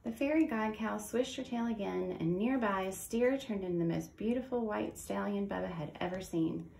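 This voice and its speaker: A woman narrates a children's picture book with folksy storytelling. Her voice has a gravelly fry, and the reading rings in an echoey room with a faint hiss behind it. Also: mid-range voice, normal speed, warm tone. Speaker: storybook reader. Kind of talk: children's read-aloud narration.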